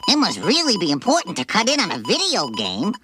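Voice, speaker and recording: A man voicing a wisecracking teenage male cartoon bunny, cocky and quick with a joke. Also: high voice, huge pitch swings. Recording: cartoon clip with music.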